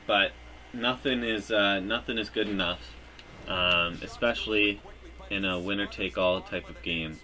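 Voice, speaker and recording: A man giving live commentary over his own hockey video game, joking and breaking into loud cheers at big plays. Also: on the low side, unhurried. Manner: excitable, jokey, bursts into loud cheers. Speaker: gaming YouTuber.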